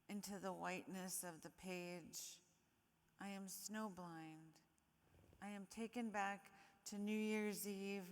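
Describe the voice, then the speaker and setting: A woman reading a letter poem aloud in a measured, deliberate way at a conference reading. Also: lowish voice. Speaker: poet reading. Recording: reverberant hall.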